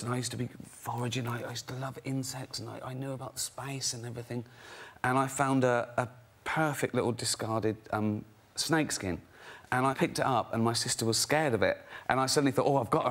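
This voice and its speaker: A man telling comic stories as a talk show guest and breaking into frequent loud laughter. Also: medium pitch. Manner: laughs often and loudly through his own stories. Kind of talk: comic anecdotes on a chat show.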